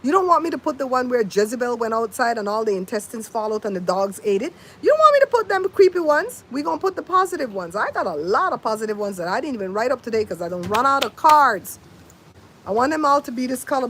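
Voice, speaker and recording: A woman's voice: on the high side, lively intonation, quick pace, fairly bright tone, slightly rough. An older woman, a grandmother, hosting a casual livestream outdoors, telling stories and mimicking sounds as she chats to viewers by name. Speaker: livestream host. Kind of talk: casual livestream chat and storytelling. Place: outdoors in wind. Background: faint wind noise.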